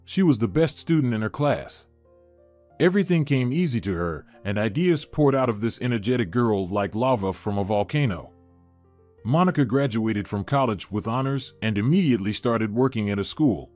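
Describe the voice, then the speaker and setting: A man narrating a sentimental story in an even, measured voice of middle pitch. Soft music plays faintly beneath his reading. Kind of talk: scripted narration.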